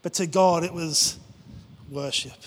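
Preaching with fervor to his church, a pastor speaks a little slowly, his voice on the high side and steady in tone. Prayers and quotes are acted out, and a long reverb from the hall surrounds him.

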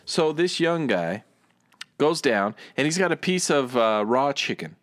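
Animated man telling a story in a woodshed. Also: medium pitch, unhurried, no room sound, studio quality. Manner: animated storyteller, gets worked up. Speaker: podcast co-host. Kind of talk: casual chat. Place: home woodshed.

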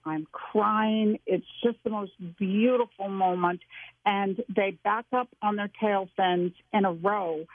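A woman's voice: mid-range voice, dry recording. Woman telling her story over a tinny line. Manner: emotional, expressive storytelling. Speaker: guest.

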